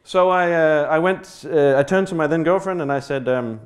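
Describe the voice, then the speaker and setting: Here an Australian speaker, his voice on the high side, keeps a moderate pace as he tells a funny personal story to an audience. The delivery rambles with plenty of fillers and restarts, plus self-deprecating asides and easygoing swearing.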